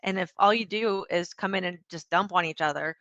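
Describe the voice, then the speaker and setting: Bright-voiced woman, lively podcast guest. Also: lowish voice, fairly quick, dry recording, lo-fi sound. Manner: animated, acts out quoted dialogue. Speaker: podcast guest, founder and CEO. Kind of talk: casual interview conversation.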